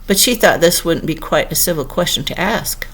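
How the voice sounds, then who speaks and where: A woman narrating a classic storybook aloud as an audiobook, in an expressive, unhurried manner. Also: fairly low pitch, slightly rough. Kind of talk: audiobook reading.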